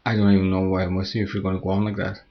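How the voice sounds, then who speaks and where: A reckless young woman in a spoken horror story, put on by a male narrator. Her lines jump high and strained above a deep, gravelly, husky base. The recording is slightly dull. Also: monotone, very fast. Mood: furious. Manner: high pleading cries. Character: reckless young woman, teasing then terrified.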